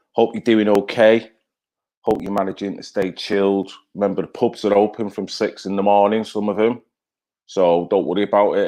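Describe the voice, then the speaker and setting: A rather low-voiced man hosting a casual livestream. He talks loosely and chattily, swears freely, and greets viewers as he reads out their comments. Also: a little mellow. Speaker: livestream host.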